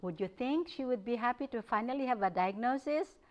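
A woman giving a public lecture, telling stories from her practice in an animated way, often breaking into laughter. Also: on the high side, brisk, muffled recording. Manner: animated storytelling, frequent laughter. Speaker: guest speaker. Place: lecture hall.

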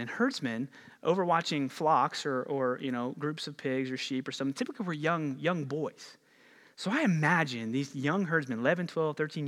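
Animated man preaching in a reverberant hall. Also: fairly high pitch. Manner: animated, conversational, slangy storytelling. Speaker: pastor. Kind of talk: sermon. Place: church auditorium. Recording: long reverb of a church hall.

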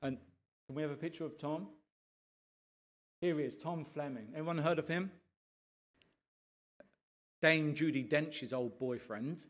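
A man, a pastor, telling his testimony to a congregation as a lively storyteller who keeps checking in with his listeners. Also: fairly high pitch.

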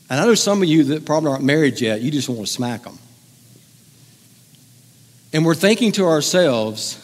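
A man's voice: medium pitch, moderate pace. A man preaching a sermon in a conversational, joking way, teasing the congregation in a large church hall. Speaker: pastor.

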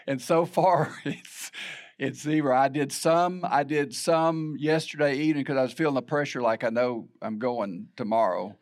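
A man's voice: mid-range voice, moderate pace. A middle-aged man preaching a sermon in a conversational, storytelling way with self-deprecating humor. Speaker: pastor.

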